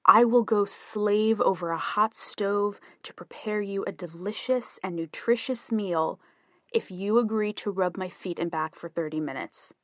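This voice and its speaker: A woman's voice: medium pitch, normal speed, no room sound, close to an everyday voice. Woman reading as a playful young husband. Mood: teasing. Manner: teasing, joking banter. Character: easygoing playful young husband, rock musician.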